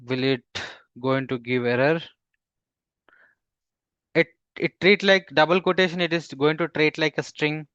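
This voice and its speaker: Halting male coding instructor, lo-fi. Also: on the high side, a bit bright, clean tone, no room sound. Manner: halting, with frequent fillers and restarts; quizzes the class with questions. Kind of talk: live coding class.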